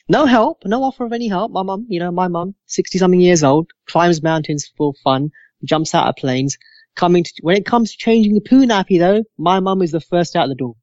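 A man in his thirties, a podcast co-host, telling a lively anecdote with plenty of swearing and acted-out voices. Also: a little high, no echo. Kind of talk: casual storytelling. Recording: dry, slightly dull lo-fi sound.

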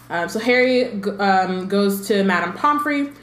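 A woman's voice: medium pitch, animated, moderate pace, hardly any pauses, a bit bright. A woman in an echoey room, talking casually about a book and then reading it out. She fills her speech with "like" and "um" and breaks off into read-aloud passages. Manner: chatty, many fillers, breaks into reading. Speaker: podcast co-host reading aloud.

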